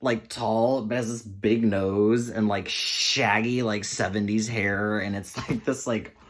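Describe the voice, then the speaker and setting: Sassy, animated man telling a story. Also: fairly low pitch, slow pace. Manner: sassy, animated, calls listeners honey and girl. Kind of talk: casual storytelling to camera.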